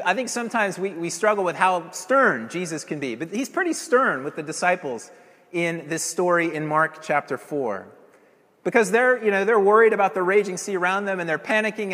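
A male preacher delivers an evening sermon with earnest emphasis, pressing home his points with rhetorical questions. His voice sits a little high for a man. A long reverb trails each phrase, as in a church hall. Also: a bit bright.

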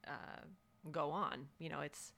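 A woman's voice: low voice, fairly even intonation, takes it slowly, gravelly, bright, forceful tone. A woman co-hosting a podcast, talking reflectively in casual chat and laughing often. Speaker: podcast co-host.

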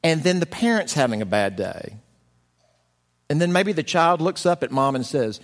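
A man's voice: a little high, normal speed, long reverb tail. A man preaching a conversational sermon, telling stories expressively and acting out the lines he quotes. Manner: expressive storyteller, voices quotations dramatically. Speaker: pastor.

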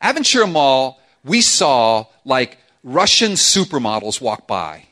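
Casting note: middle-aged male pastor, lively and humorous sermon delivery, bright, ringing voice, pitch swinging widely. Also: a little slow. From South Florida. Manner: animated, humorous, acts out quoted voices. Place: church sanctuary with congregation.

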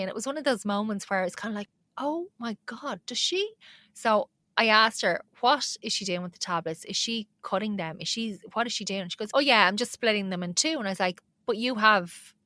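An Irish woman talks through a personal story on her podcast, candid and animated, often laughing at herself. Her voice is bright and forward, and the recording is close and dry with no room sound. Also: medium pitch, no room sound. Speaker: podcast host.

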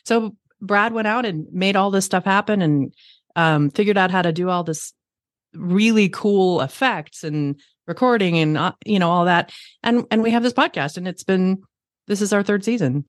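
Woman guest, mid-pitched rambling chat, dry close mic. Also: normal speed, no room sound. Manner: rambling, filler-heavy storytelling. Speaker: podcast guest. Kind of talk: casual podcast chat.

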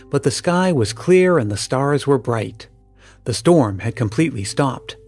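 A man calmly reading a story aloud as narrator, with a measured delivery. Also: a little high. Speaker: story reader.

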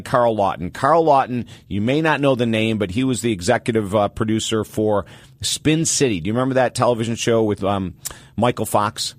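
A man hosting an advice show, telling stories in an animated way and driving points home by repeating them. His mid-pitched voice sits close and dry, with no room sound around it. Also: dry recording. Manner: animated storytelling, emphatic repetition. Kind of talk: call-in advice talk.

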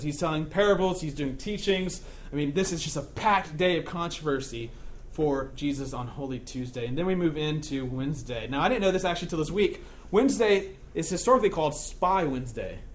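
A man's voice: on the high side, slight background noise. A male pastor giving a conversational sermon, joking often and checking in with his listeners.

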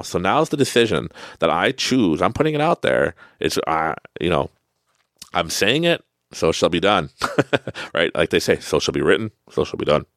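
A man with a Canadian accent hosting a podcast, giving a casual motivational monologue, animated and laughing often. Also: a bass voice, gravelly, no room sound, clean studio sound. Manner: animated, laughs often, tags lines with "right?". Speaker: podcast host.

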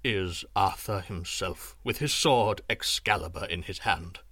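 A man voicing a solemn old male sorcerer who speaks in a grave, measured way. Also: sits low, sharp tone, no echo, clean studio sound, voice pushed down, heavily acted.

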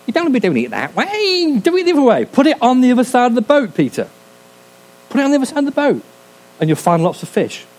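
A preacher playing a jolly, meddling posh Englishman calling from the shore, in a plummy, high, fluting voice. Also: huge pitch swings, fast talker, darkish tone, exaggerated voice, rough recording.

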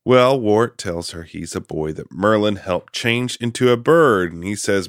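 A man recaps a film for a podcast in a relaxed, chatty way. His voice sits low but moves a lot in pitch, jumping into quick character bits. The sound is dry and close. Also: dry recording. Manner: animated retelling with quoted character voices. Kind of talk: casual podcast chat.

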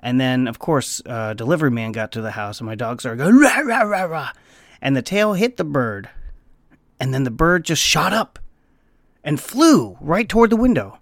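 A man tells a long, rambling story in an animated vlog style, his voice swinging widely up and down. He swears now and then and sometimes breaks into squeaky bird noises. The recording is dry and close, with almost no room sound. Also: normal speed, no room sound. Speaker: vlogger. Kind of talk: casual storytelling.

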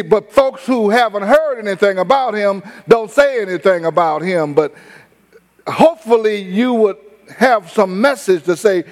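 A high-voiced man preaches a sermon, his talk folksy and conversational, slowing down to stretch his key words. His voice rings with a long reverb through a church sanctuary. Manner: conversational preaching, drawn-out emphasis, folksy phrasing. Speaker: pastor.

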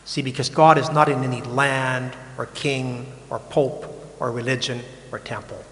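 A man's voice: mid-range voice, fairly even intonation, measured pace, fairly bright tone. Older male priest, conversational sermon, frank and offhand, long reverb of a big hall. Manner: casual, frank, repeats words, mocks complaints.

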